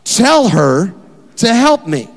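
A man voicing a frazzled, indignant woman hosting a crowd, complaining in a shrill, exasperated way. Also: lively intonation, moderate pace, a bit bright, full character voice. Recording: long hall reverb.

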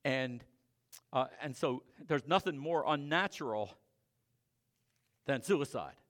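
A man preaching a sermon and sharing his own testimony, swinging between loud emphatic preaching and quiet confessional storytelling. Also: mid-range voice, lively intonation, slow.

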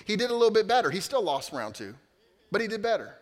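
A middle-aged man gives a sermon in a slightly raised voice, talking to the room like a friend. He drops into hushed asides, then climbs back up to loud, ringing peaks. The sound carries a long reverb from a large hall. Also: high-pitched, very animated, fast talker. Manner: conversational preaching, swings from hushed to loud. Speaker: pastor.

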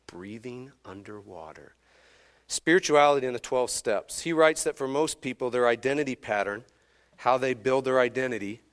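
A man in his thirties preaching a sermon as pastor, swinging from hushed, slow phrases to emphatic, rising ones. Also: medium pitch, smooth.

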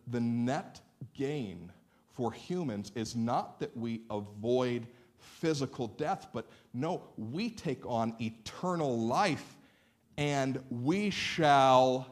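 A man from Northeast Ohio preaching a sermon to a church congregation, telling animated stories and asking the listeners questions. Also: medium pitch, takes it slowly. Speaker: pastor. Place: church sanctuary.

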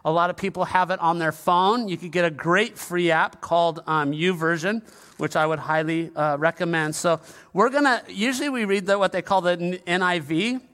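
A man's voice: high-pitched, steady tone, normal speed, fairly bright tone. A male pastor preaching a sermon in a conversational, humorous style, with asides to the congregation in a large church. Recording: long reverb of a large hall.

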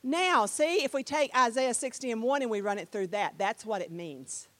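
A woman's voice: on the high side, lively intonation, moderate pace, fairly bright tone, dry recording. A middle-aged woman teaching a Bible class, chatty and direct, often repeating herself and putting questions to the class.

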